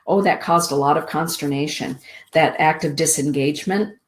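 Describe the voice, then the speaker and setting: A middle-aged woman hosting a spiritual show, reading oracle cards aloud in a soothing, deliberate way. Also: low-pitched. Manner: slow, soothing, deliberate delivery with drawn-out words. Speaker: host giving oracle card readings.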